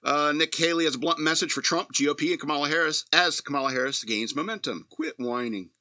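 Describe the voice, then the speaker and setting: A man's voice: on the high side, fast, pushed and bright, no room sound, studio quality. A man hosting a talk radio show, reading news aloud and giving blunt, profane, sardonic commentary. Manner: blunt, sardonic, profane, laughs at his own jokes.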